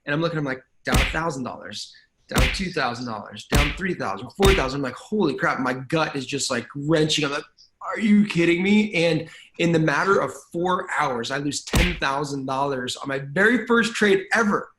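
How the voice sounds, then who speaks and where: A man with a slightly raised speaking pitch tells stories in a relaxed interview. He talks casually and acts out his own past reactions as he goes. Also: moderate pace, noisy background. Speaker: guest, trading bot founder.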